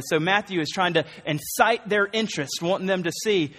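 A man preaching a conversational, animated sermon, often acting out the voices of the people he quotes. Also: high-pitched, moderate pace, few pauses, big-room sound.

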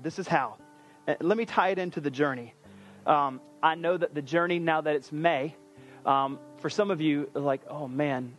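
A male pastor giving an energetic, conversational sermon. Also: on the high side. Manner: energetic, conversational, animated preaching.

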